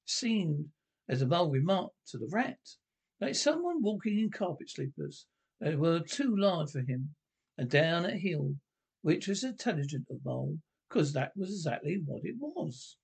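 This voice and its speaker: A man reading a classic children's novel aloud, halting and correcting himself often. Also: fairly high pitch, big pitch swings, creaky, slightly rough. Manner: halting, with frequent self-corrections. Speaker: narrator. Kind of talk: audiobook narration.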